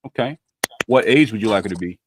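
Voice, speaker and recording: A man's voice: on the low side, lively intonation, fast, slight background noise. Playful man hosting a dating quiz. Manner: playful, loose slang, teasing. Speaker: podcast host running a dating quiz. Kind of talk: casual group chat on a video call.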